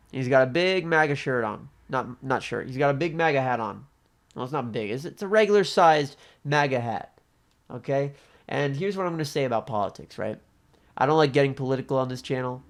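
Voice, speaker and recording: Profane rambling young man ranting. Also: medium pitch. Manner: profane, rambling, frequent fillers. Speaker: vlogger. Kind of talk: casual storytime rant.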